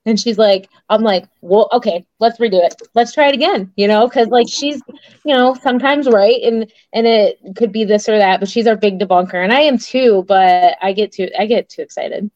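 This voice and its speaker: A woman co-hosting a paranormal chat podcast, talking in an excitable, rambling way and acting out what others said. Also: a little high, fairly quick, no room sound, dull audio. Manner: excitable, rambling, acts out quotes. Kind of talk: casual chat.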